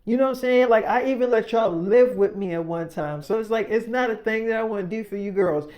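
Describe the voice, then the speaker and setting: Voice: medium pitch, a little fast, dull audio. Heated, profane freestyle storyteller. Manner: heated, profane, slangy retelling.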